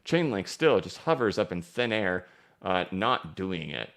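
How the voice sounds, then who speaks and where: A man hosting a live-stream crypto market show, talking emphatically while he goes through charts and reads viewer questions. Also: deep voice. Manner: energetic, emphatic, talks fast. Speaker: crypto market analyst host.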